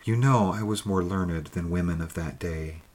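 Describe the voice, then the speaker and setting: A man reading the lines of a young woman's ghost, once burned as a witch, in a soft, intimate, pleading way. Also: low voice, moderate pace. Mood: sorrowful.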